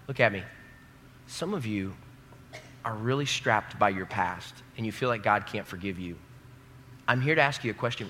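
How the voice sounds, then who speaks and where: Young male preacher, bright and forceful, emphatic sermon delivery with crowd call-and-response, long hall reverb. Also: fairly low pitch, animated, normal speed, long pauses, slight background noise. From American Midwest. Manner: emphatic, rising to loud peaks, calls the audience to repeat lines. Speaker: pastor. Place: large hall before a live congregation.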